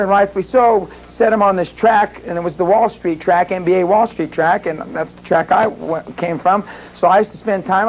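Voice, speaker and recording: A man's voice: sits high, muffled recording, a little hiss or hum. A man speaking at a live seminar, telling rambling anecdotes and acting out the voices of the people he quotes. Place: seminar room with audience.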